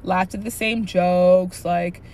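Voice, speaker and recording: A woman in her early twenties telling a workplace story in a casual, animated rant, blunt and profane with lots of "like" fillers. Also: lowish voice, slow, a little hiss or hum. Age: early 20s. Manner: indignant and blunt.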